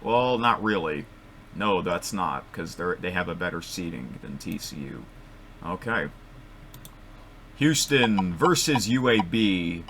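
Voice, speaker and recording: A man thinking aloud as he makes picks at his computer microphone, rambling and correcting himself, with sudden excited outbursts. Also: deep voice, slow, vocal fry, a little hiss or hum. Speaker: vlogger making bracket picks. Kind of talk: casual thinking-aloud commentary.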